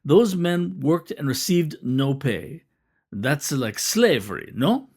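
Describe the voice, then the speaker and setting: A man's voice: on the high side, big pitch swings, slow pace, darkish tone, husky, exaggerated voice. A man reading an indignant store clerk. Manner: indignant, questioning. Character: male store clerk, indignant about injustice.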